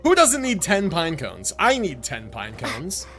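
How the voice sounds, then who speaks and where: Animated, joking male game streamer. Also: on the high side, unhurried. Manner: profane, joking and rambling. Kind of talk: casual live-stream commentary. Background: game music.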